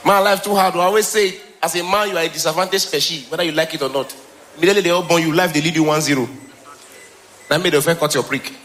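Male stand-up comic with a Nigerian accent: high, bright, animated delivery, with faint live ambience behind. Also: fast, slight background noise. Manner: animated, mixes Pidgin with English, laughs often. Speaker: stand-up comedian. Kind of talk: stand-up comedy special. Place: stage before live audience.

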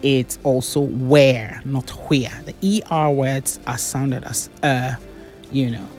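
A woman's voice: rumbling low, steady tone, unhurried, a little mellow, faint music behind. A woman, a diction and public speaking coach giving corrective feedback on debaters' pronunciation.

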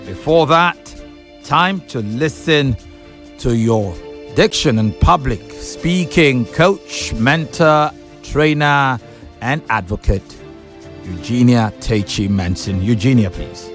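A man's voice: medium pitch, takes it slowly, a bit bright, faint music behind. A man hosting a debate show, making formal introductions with playful asides. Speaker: host.

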